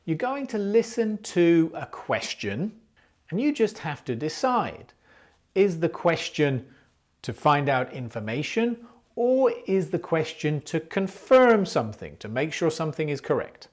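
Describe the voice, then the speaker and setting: English teacher with a very animated pitch, explaining grammar clearly and patiently for learners. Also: measured pace. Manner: clear, patient explaining, with example questions spoken aloud.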